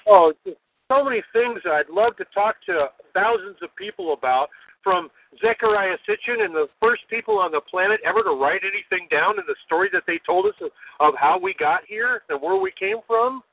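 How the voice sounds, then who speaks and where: An older American man, a guest on a call-in talk show, ranting forcefully and ending points with "okay?". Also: high voice, expressive, fairly quick. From United States. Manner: forceful, preachy, keeps adding "okay?". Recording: tinny phone line.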